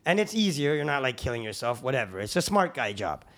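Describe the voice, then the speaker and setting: A man who is a guest on a podcast, telling casual stories in quick run-on sentences that are animated, slangy and full of swearing. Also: medium pitch. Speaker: podcast guest, construction crew founder. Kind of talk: casual storytelling.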